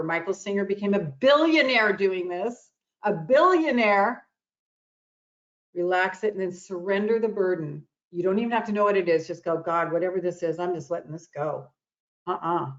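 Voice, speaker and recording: A woman's voice: medium pitch, muffled recording. A woman giving an earnest motivational talk on anxiety, repeating phrases for emphasis. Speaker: guest speaker on self-love and anxiety.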